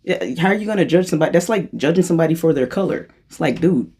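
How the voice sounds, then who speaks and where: A channeler talks freely in a loose, meandering monologue, often restarting and correcting themselves. The humor is playful and self-mocking, and quoted thoughts jump into high, sing-song voices. The voice sits in a middle pitch. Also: animated, racing, warm tone, slightly rough. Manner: rambling, restarts and corrects itself. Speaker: spiritual channeler.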